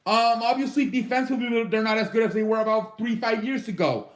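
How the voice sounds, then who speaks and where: A man's voice: sits high, fairly quick, echoey room. A man casually ranking football teams on his own show, loose and profane, with lots of fillers. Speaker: sports show host. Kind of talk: casual sports commentary.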